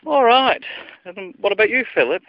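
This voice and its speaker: Brief: prim schoolteacher lady, put on by a male joke-teller, high sing-song voice, muffled lo-fi audio. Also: lively intonation, moderate pace, no echo. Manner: raised sing-song pitch. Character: prim female schoolteacher questioning pupils. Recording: dull lo-fi recording.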